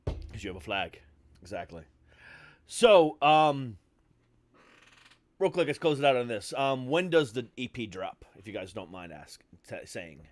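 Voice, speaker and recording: A man's voice: mid-range voice, sing-song, a little slow, long pauses, no echo. A man hosting a podcast interview, joking and laughing in casual banter with a habit of swearing. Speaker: podcast host.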